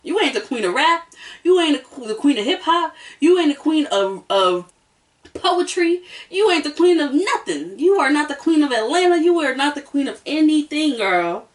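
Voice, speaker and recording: A woman's voice: sits high, very animated, normal speed, distant mic. A woman hosting a casual reality-show review, sassy and emphatic, hammering her points home by repeating them. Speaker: host.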